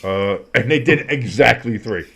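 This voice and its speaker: A man's voice: mid-range voice, moderate pace, creaky, a bit bright, husky. A man co-hosting a casual sports podcast, playful and teasing, often slipping into goofy voices. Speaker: co-host.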